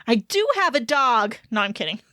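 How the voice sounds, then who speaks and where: A woman's voice: a little high, big pitch swings, normal speed, sharp tone, no room sound, clean studio sound. A woman co-hosting a casual podcast, chatting and reading a story aloud expressively. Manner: chatty, reads stories expressively. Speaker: podcast co-host.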